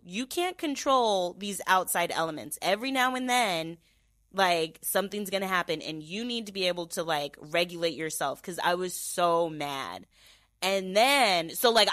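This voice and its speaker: A young woman hosting a podcast, telling a story in casual chat with lots of fillers and animated replays of her own thoughts. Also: lowish voice, no echo. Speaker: podcast host.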